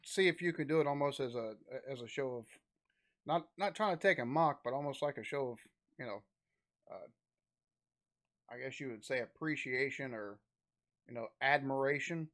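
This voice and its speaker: A man's voice: mid-range voice, moderate pace, pauses often, a bit bright. A man hosting a reaction video, talking casually with lots of restarts and fillers. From Southern United States. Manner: rambling, with frequent restarts and fillers.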